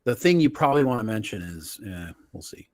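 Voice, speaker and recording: A man's voice: on the low side, very animated, brisk, darkish tone. A man co-hosting a live-streamed podcast, teasing his partner and walking the audience through a story. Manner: teasing, explains stories to the audience. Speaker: podcast co-host. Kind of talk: casual live-stream chat.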